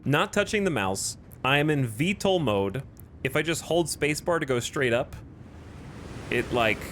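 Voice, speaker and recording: A man's voice: mid-range voice, noisy background. Exasperated streamer man talking to himself. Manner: exasperated, sarcastic self-talk. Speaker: video game streamer. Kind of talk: casual gameplay commentary.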